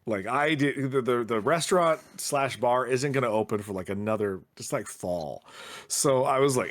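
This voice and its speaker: A man's voice: lowish voice, normal speed. A middle-aged man, co-host of a podcast, telling a story in casual chat with a wry, snarky delivery.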